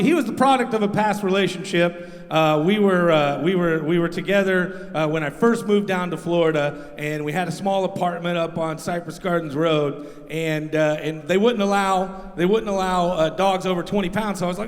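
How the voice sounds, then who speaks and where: A man with a high voice works the crowd loudly in rambling stand-up, shouting out to the audience between stories. The long reverb of a big live hall trails every line. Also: animated, moderate pace, slight background noise. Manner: loud, crowd-rousing, rambling. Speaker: radio show host doing stand-up. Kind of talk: stand-up comedy. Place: live stage in a large venue.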